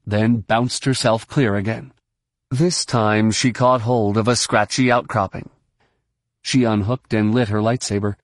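A man narrating an audiobook in a brisk, steady storytelling manner. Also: lowish voice, no room sound, clean studio sound. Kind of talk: scripted narration.

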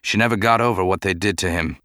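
A man's voice: low voice, fast, pushed and bright, dry recording, clean studio sound. A man reading an audiobook voices a grieving male senator who speaks in a bitter, indignant way.

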